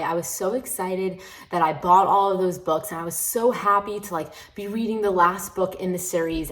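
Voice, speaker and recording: A woman's voice: on the low side, fairly bright tone, poor audio. Chatty woman book vlogger, frank. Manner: chatty and candid, with many "like" fillers; frankly critical, grumbling. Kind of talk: casual reading-vlog chat.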